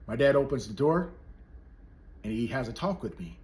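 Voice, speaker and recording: Impassioned man swinging loud to whisper. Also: medium pitch, animated, moderate pace, long pauses. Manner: swings from loud emphatic outbursts to hushed near-whispers. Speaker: police officer and public speaker. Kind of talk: impassioned motivational speech.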